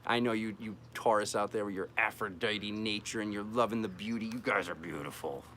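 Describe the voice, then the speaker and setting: A man's voice: on the low side, flat delivery, brisk, fairly bright tone, a little hiss or hum. A man hosting a live-streamed tarot reading, chatting playfully and joking with his viewers as he works through the cards.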